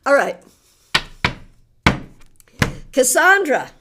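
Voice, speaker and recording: Background noise accompanies a very animated woman whose voice sits high and moves at a moderate pace. With her New England accent, she reads tarot cards for a live audience, chatting, teasing warmly, and laughing a lot.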